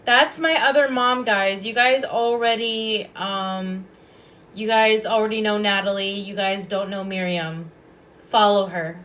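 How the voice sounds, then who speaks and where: A woman's voice: mid-range voice, steady tone, unhurried, fairly bright tone. A woman hosting a casual livestream as a Reiki and hypnosis practitioner, chatty, affectionate and rambling.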